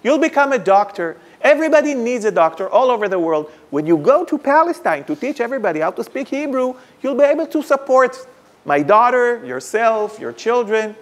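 Genial older father, coaxing and generous, as a man puts him on in a told story; sits high in the voice. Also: big pitch swings, fairly quick. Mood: persuasive.

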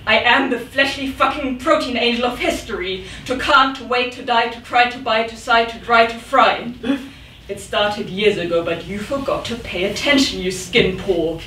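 Woman poet, live reading, dramatic rhythm, slightly high voice, echoey hall feel, mic well away. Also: moderate pace, bright, forceful tone, a little hiss or hum. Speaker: poet reading her work. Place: event room. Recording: echoey room, mic at a distance.

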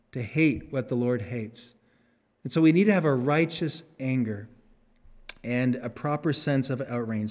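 A male pastor preaching a sermon, earnest, lifting his voice for emphasis and dropping it low on solemn words. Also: darkish tone. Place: church sanctuary. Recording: long church reverb.

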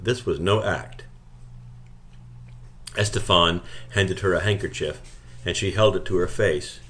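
A man reads a novel aloud in a calm, steady narration. His voice sits fairly low and unhurried, carrying the first-person story plainly. Scripted audiobook reading. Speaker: audiobook reader.

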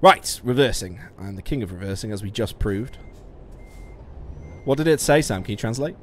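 A streamer with a lowish voice and lively intonation talks at normal speed while driving in a trucking game. He chats with his audience, curses, and laughs a lot at his own slip-ups, using a studio musician mic with slight background noise.

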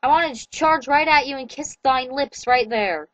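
A woman's voice: high-pitched, normal speed, fairly bright tone, no echo, rough recording. A woman voicing a lovestruck teenage boy vampire with old-fashioned, courtly speech.

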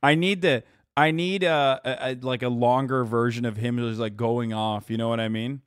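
A man hosting a reaction stream, chatting casually in an excitable, profane, rambling way. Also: mid-range voice, moderate pace, no echo, studio quality. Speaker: streamer host.

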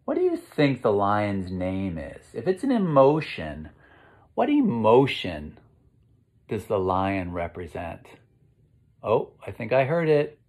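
A man reading a picture book aloud to children, asking them gentle questions as he goes. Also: fairly low pitch, wildly swooping pitch, slow. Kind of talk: interactive read-aloud.

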